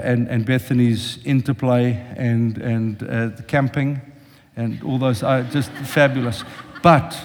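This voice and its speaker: An older man preaching a sermon with passion, speaking directly to his congregation. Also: mid-range voice. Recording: long reverb of a large hall.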